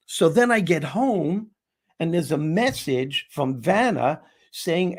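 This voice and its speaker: A comedian and motivational speaker telling an animated story in conversation, acting out the other people's lines with shifting voices. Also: male voice, sits high, unhurried, breathy edge. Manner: acts out dialogue, shifting voice for each person.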